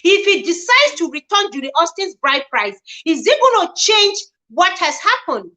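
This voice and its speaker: A woman hosts a casual livestream, talking in a high, lively register. Her tone is bright and forceful as she reads posts aloud and comments on them. She keeps greeting her viewers by name. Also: normal speed, low-quality recording. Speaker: livestream host.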